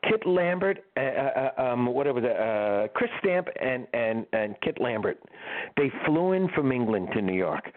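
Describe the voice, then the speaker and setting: An older man, a guest musician, telling tour stories in an interview in an animated, laughing way. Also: mid-range voice, normal speed. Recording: tinny phone-like line.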